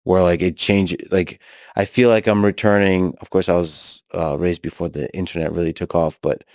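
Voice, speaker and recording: A man hosting a podcast conversation, reflective and halting, often restarting his sentences. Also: sits low, steady tone, a little mellow, dry recording, studio quality. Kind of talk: casual discussion.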